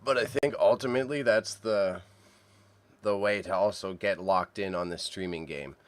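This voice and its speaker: A man, chatting casually on a co-working stream and thinking aloud as he works, sounding a little phlegmy and clearing his throat. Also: low-pitched, normal speed, dry recording. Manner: relaxed, self-mumbling, thinks aloud while typing. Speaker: streamer and reseller. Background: keyboard typing.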